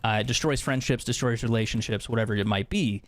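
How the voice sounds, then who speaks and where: A man's voice: mid-range voice, fast talker. A young man streaming a game, chatting candidly with viewers, swearing freely and laughing often. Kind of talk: casual chat with stream viewers while gaming.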